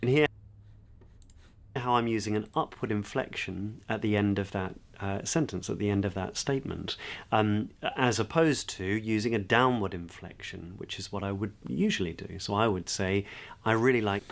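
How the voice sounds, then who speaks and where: A man with a low voice explains a point of speech in an instructional video. He has a steady, teacherly manner and uses some fillers as he goes. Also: moderate pace, gravelly. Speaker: speech coach.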